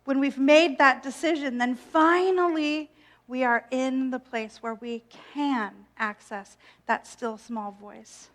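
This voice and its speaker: Woman minister, high voice, reflective sermon with wry asides. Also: takes it slowly. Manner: gentle, reflective, with playful self-mocking asides.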